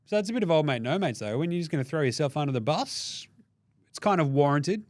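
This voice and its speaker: A young Australian man recapping basketball in a loose, profane, jokey way, slipping into mock voices for the players. His voice sits a bit high and swings widely in pitch. The sound is close and dry, with no room echo. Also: animated, fast talker, darkish tone. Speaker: basketball podcast host. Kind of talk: casual sports recap.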